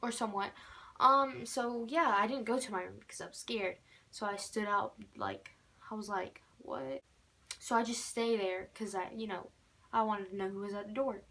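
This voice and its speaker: A teenage girl vlogger tells a casual storytime tale at normal speed in a mid-range voice that's gravelly, bright, and forceful. She rambles with many fillers and restarts, repeating "normal" again and again.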